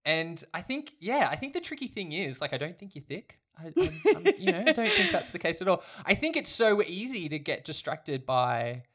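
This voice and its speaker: A man's voice: high-pitched, wildly swooping pitch, normal speed, few pauses, fairly bright tone. Upbeat man hosting a podcast. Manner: upbeat, chatty, laughs often. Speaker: podcast host. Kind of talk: casual church podcast chat.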